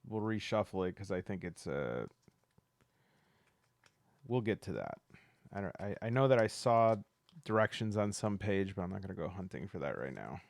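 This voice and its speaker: A man with a Southern US accent playing a solo tabletop game aloud, relaxed and thinking aloud as he goes. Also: low-pitched, normal speed, gravelly, long pauses, dry recording.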